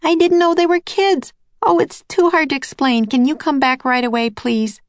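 A flustered grown woman guide who sputters and shoots up high in pitch, as a woman narrator puts her on. She talks in excited bursts in a close, dry storybook reading. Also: measured pace, no echo, lightly acted. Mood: urgent.

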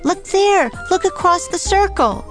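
A woman voicing an excited, eager young girl who shouts urgently in a storybook reading. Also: high voice, a little slow, gravelly, over music, voice pushed up, heavily acted. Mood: urgent shouting.

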